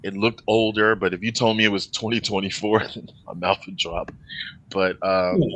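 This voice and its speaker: A man co-hosting a music reaction video, chatting casually and giving candid opinions with animated questions. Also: on the low side, normal speed, slight background noise. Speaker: reaction channel co-host. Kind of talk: casual chat reacting to a song.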